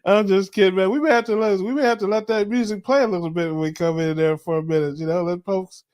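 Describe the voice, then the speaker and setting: A man's voice: high-pitched, steady tone, fast talker, darkish tone. A man co-hosting a live diet chat show over a video call, joking, teasing and laughing often. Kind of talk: casual live-stream chat.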